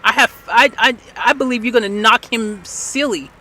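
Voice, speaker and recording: A man's voice: extremely high pitch, moderate pace, bright, forceful tone. A man hosting a live stream, chatting casually and rambling with lots of fillers and restarts. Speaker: stream host. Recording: noisy background hiss.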